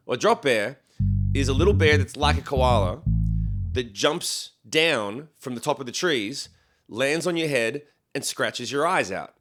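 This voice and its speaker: An Australian man co-hosting a podcast, telling a story in relaxed, wry casual chat. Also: medium pitch, normal speed, over music. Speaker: podcast co-host.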